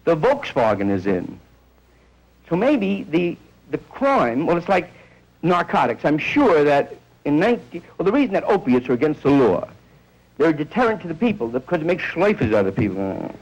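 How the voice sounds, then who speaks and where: A man's voice: a little high, sing-song, moderate pace, rough recording. A man doing a rambling stand-up comedy monologue, telling stories and acting out bits of dialogue.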